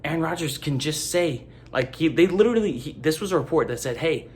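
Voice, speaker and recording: A young man giving a casual, rambling sports opinion monologue as host, leaning hard on "like" and getting animated. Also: a little high, brisk. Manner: rambling, animated, heavy use of "like".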